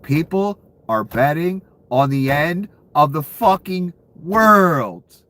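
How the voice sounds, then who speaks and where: A man's voice: a little high, animated, a little slow. A man giving ranting commentary, profane and incredulous, laughing between outbursts. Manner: profane, incredulous, calls the listener "son".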